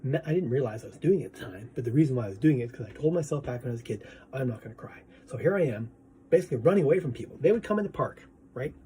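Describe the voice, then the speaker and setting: A man's voice: mid-range voice, animated, rapid-fire, warm tone, slight background noise. A man vlogging in a casual, rambling monologue, swearing freely and asking "right?" as he goes.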